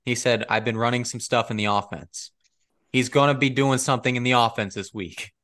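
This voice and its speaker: A young man hosting a casual sports chat, animated and argumentative. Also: mid-range voice, a little fast. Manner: animated and argumentative, leading the rundown. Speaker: podcast host.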